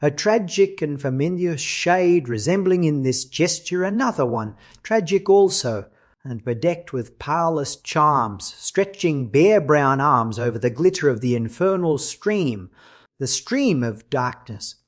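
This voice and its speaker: A man's voice: fairly high pitch, expressive, unhurried. Dramatic male audiobook narrator. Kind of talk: expressive audiobook reading.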